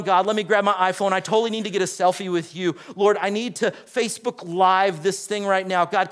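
A man's voice: high-pitched, close to an everyday voice. A man playing the prophet Isaiah as an overexcited modern guy in breathless slang. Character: prophet Isaiah as a giddy modern selfie-taker.

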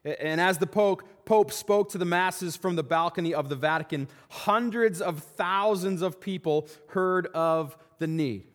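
A man's voice: high voice, a little slow, few pauses. A man giving a sermon as pastor, asking rhetorical questions and often repeating his words. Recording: long reverb of a large hall.

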